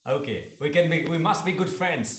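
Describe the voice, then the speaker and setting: A man student gives friendly, short answers in a slightly high voice. His audio comes over the video call with a roomy echo. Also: expressive, normal speed, a bit bright. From India, Assam.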